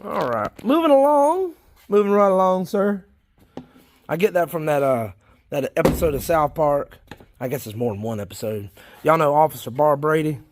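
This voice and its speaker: Excitable man rambling on camera. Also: fairly high pitch, moderate pace, a little hiss or hum. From South Carolina, United States. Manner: rambling, folksy, easily excited. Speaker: worm farming vlogger. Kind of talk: casual chat while filming.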